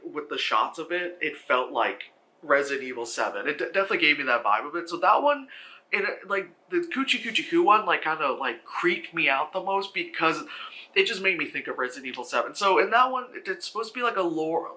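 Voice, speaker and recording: A man giving a casual, animated film review, often swearing and acting out characters' reactions in shrieking voices. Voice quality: bright, animated and expressive, swears freely. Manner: acts out characters in squealing high voices. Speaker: movie reviewer.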